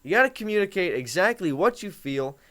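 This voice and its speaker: Teen guy doing a jokey advice rant, voice goes all over the place, kinda high. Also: a little fast. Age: teens. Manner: animated, joking, mock-authoritative. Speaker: host. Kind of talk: comedic advice monologue.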